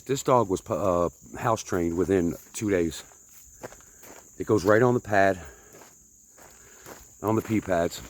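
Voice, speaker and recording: A deep-voiced man talks into his phone on an outdoor trail, short of breath from the climb. He chats loosely and teases himself, turning to the viewers as folks. Faint insects chirp behind him. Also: a little hiss or hum. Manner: chatty, self-mocking, talks to viewers as folks. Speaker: vlogger. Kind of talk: rambling hiking vlog.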